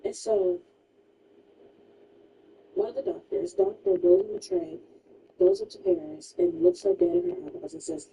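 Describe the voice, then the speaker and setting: A woman's voice: on the low side, big pitch swings, normal speed, creaky, long pauses, recorded from a distance, background noise. A woman streamer casually retelling a true crime story while gaming, emphatic and chatty, full of "like" asides.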